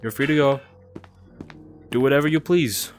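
A young man giving casual commentary while he plays a game, excitable and cooing at a creature in baby talk. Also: mid-range voice, moderate pace, faint music behind. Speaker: gaming video creator.

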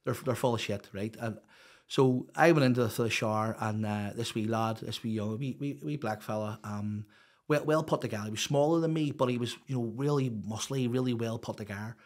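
A middle-aged Northern Irish man tells his stories in a loose, rambling way. He is blunt, swears freely and fills his talk with fillers. His voice sits at an ordinary middle pitch. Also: a little fast, a little mellow. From Northern Ireland. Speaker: guest. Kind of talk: casual storytelling chat.

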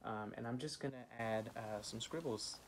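A man giving a children's art lesson, gently encouraging and talking with many "um" fillers while he draws. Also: medium pitch, normal speed, background noise. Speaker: art teacher.

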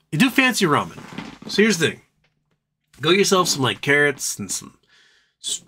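A man's voice: fairly bright tone, a little hiss or hum. Chatty man streaming live. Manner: rambling, jokey, talks to his dog in a high baby voice. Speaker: livestream host. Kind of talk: casual live stream chat.

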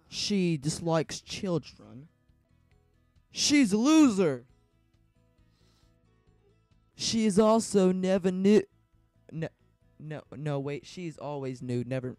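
Male game commentator, high bouncy voice, dry close mic, jokey and excitable, faint music behind. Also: dry recording. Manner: joking, grows frantic and yelling. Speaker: gaming commentator.

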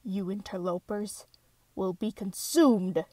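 A menacing alien mushroom princess, played by a woman, stretching her threats out slow with a hiss behind the words. The recording is dry and close, with no room sound. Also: medium pitch, mellow, no room sound. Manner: slow, drawn-out, hissing threats. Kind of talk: fan dub voice acting.

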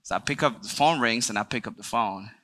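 A man speaking to a church group with a bright, forceful voice. He is earnest and talks straight to the people in the room, asking questions and sharing his own story. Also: lowish voice, fairly quick. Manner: engages the audience with questions and jokes. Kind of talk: personal testimony talk to a group.

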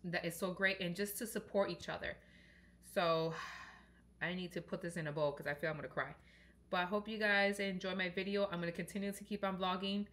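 A woman vlogger chatting to her viewers while cooking, warm and encouraging, recorded without a mic in a home kitchen. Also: fairly low pitch, fairly even intonation, fairly quick. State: sick, under the weather. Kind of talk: casual chat while cooking. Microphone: no mic, camera's built-in mic.

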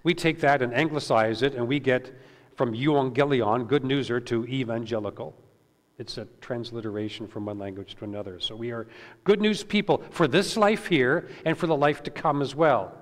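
A man's voice: mid-range voice, normal speed. A man pastor giving a conversational sermon, with many "uh"s and repeated words, recorded in a church sanctuary. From Canada. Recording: long reverb of a church hall.

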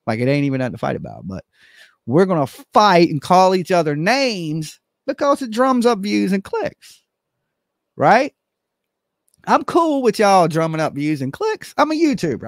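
Animated, high-pitched man livestreaming. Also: dry recording, clean studio sound. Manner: animated, joking, rambling, swears casually, calls himself by name. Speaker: livestream host. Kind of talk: casual livestream chat.

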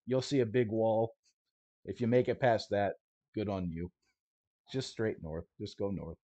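A man voicing a gruff adult male smuggler guide who gives clipped, businesslike warnings, in a slightly raised version of his own voice. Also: lowish voice, fairly even intonation, a little slow, dark tone, no room sound. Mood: offhand.

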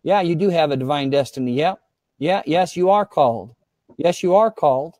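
A man's voice: on the high side, lively intonation, moderate pace, a little mellow, dry recording, studio quality. A man preaching as a guest pastor, fervent and repetitive, often speaking in the voice of God to his viewers.

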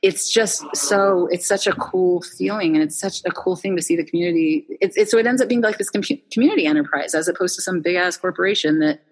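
A woman founder, a guest in a casual interview, telling stories in an animated way with many restarts. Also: fairly low pitch, quick pace, few pauses, husky, long reverb tail.

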